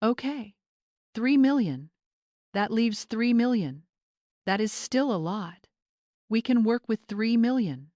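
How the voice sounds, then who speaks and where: A woman's voice: a little high, expressive, slow, pauses often, mellow, dry recording, clean studio sound, voice pushed up. A woman reading a scheming adult daughter. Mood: anxious.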